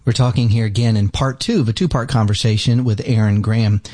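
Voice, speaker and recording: A man, a pastor who hosts a radio show, interviewing a guest in a steady, conversational way. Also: fairly low pitch, fast talker, no room sound.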